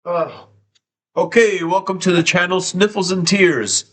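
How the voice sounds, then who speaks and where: A man's voice: high-pitched, unhurried, a bit bright. A man live streaming from home, tearful and sniffly, talking emotionally and repeating himself, with frequent swearing. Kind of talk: casual live stream chat.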